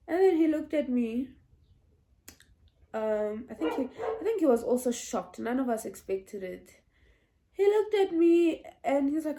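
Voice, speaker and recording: A woman in her twenties telling a personal story to her viewers in a chatty, animated way. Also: sits high, a little slow. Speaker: vlogger. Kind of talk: story time vlog.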